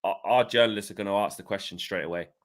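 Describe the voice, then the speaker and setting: A man's voice: on the low side, quick pace. A man co-hosting a casual football podcast, emphatic and slangy, often repeating himself. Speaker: co-host.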